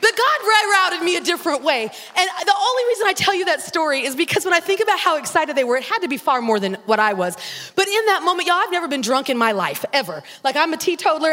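A woman pastor preaching a sermon, telling a story with dramatic, animated delivery. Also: extremely high pitch. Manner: animated, dramatic retelling with acted-out prayers and voices. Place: church sanctuary. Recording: long church reverb.

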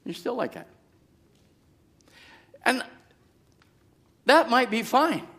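High-voiced preaching man, shouting. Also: big pitch swings, slow pace. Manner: swings from quiet storytelling to shouted exhortation. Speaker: pastor. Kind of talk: sermon.

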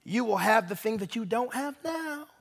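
A man voicing a sly, smooth-talking male serpent who coaxes in a slow, sassy tone during a sermon. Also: very high-pitched, lively intonation, heavily acted. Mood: coaxing. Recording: echoey hall reverb.

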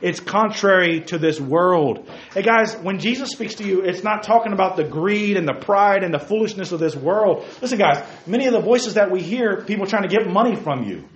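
A man's voice: high-pitched, animated, normal speed, roomy sound, lo-fi sound. A man preaching a sermon to young men, with repeated calls of "hey guys" and sudden emphatic peaks.

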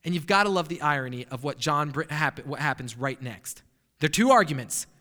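Male pastor, high sharp voice, emphatic sermon delivery with rhetorical questions, long hall reverb. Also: expressive, fairly quick.

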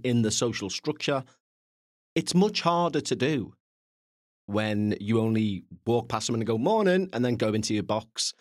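A man's voice: medium pitch, no echo, studio quality. A man hosting a podcast in a casual, rambling way, full of self-mocking, playful asides, recorded in a small windowless carpeted room. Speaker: podcast host.

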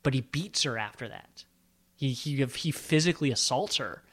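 Guy gabbing about a movie, lively up-and-down voice, goes off on tangents and pokes fun at himself. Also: mid-range voice, normal speed, husky. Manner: animated, digressive, self-deprecating. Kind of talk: casual film discussion.

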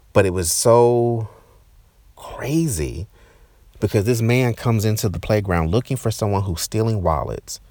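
Very low voiced guy telling his own story, tense and halting, dry close sound. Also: darkish tone, no echo. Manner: intense, emotional, halting with repeats. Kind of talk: personal storytelling.

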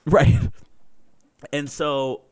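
A young man chatting casually on a podcast, rambling through childhood stories with quick laughs. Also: on the high side, little pitch movement, clear, resonant tone, dry recording. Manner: rambling storytelling with acted quotes and laughs. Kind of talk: casual chat.

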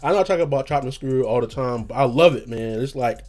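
A man's voice: medium pitch, quick pace, darkish tone. A young man hosting a podcast in casual chat, rambling in slang, swearing freely and trailing off as he hunts for words. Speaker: podcast host.

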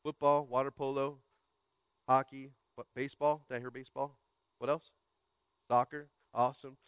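A man's voice: mid-range voice, flat delivery, moderate pace, smooth, dry recording. A man preaching a casual, joking sermon as pastor, chatting with the congregation and stumbling through restarts and fillers. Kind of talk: casual sermon with crowd interaction. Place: church sanctuary.

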